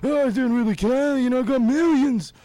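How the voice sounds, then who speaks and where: A man playing a muddled aging rock star who mumbles and stammers in a strained, high voice. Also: a little fast, warm tone, no room sound, rough recording. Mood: muddled, whiny.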